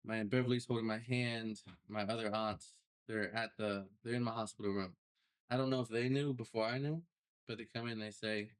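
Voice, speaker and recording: A young man, a podcast guest, telling his personal story in a casual, animated way with loose slang. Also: fairly low pitch, a little fast, clean tone. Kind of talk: storytelling interview.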